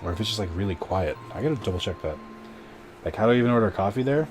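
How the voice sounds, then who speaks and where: A man's voice: fairly low pitch, expressive, very fast, darkish tone, soft background music. A man streaming a game and chatting with viewers in a rambling, casual way, full of fillers and restarts. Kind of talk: casual live-stream chat while gaming.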